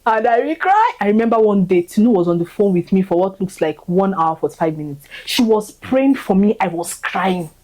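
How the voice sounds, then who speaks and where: A woman's voice: medium pitch, brisk, hardly any pauses, warm tone, rough recording. A young woman giving an emotional, fervent testimony of thanks, repeating herself as her feelings rise. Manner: fervent, repetitive, voice rising with feeling.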